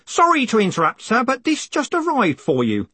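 A man's voice: extremely high pitch, wildly swooping pitch, moderate pace, sharp tone, breathy edge, no echo, voice pushed up, full character voice. A man voicing a fussy, disapproving old male post office worker who sniffs at things.

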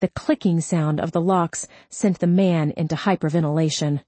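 A woman narrating a crime novel audiobook in a measured, unhurried delivery. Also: low-pitched, steady tone, dark tone, no room sound.

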